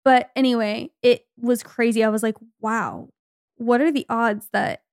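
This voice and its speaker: This podcast co-host is a woman in her twenties with a slightly high voice and an unhurried delivery, recorded dry in a clean studio. In casual chat she tells stories, acting out the people she quotes in a lively voice.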